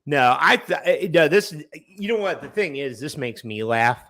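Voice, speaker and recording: A man's voice: a little high, animated, normal speed, a bit bright, no echo. A man co-hosting a comedy podcast, chatting casually in a rambling way with restarts. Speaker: podcast co-host.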